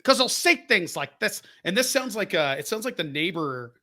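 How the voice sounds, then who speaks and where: Bright, jokey young man co-hosting a podcast. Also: high voice, a little fast. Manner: jokey, animated, does goofy impressions. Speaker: podcast co-host. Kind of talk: casual chat.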